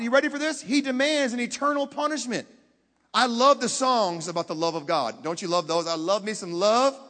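Dramatic high-voiced preacher in a reverberant hall. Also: male voice. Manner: dramatic storytelling, swings from hushed to loud; talks directly to the audience with questions. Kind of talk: sermon.

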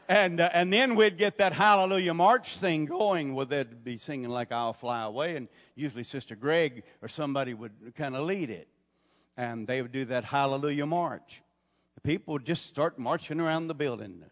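Folksy older preacher in a hall. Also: male voice, on the high side, fairly quick. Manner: folksy storytelling, rising to emphatic preaching. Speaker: pastor. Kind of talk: sermon. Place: church sanctuary. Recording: long hall reverb.

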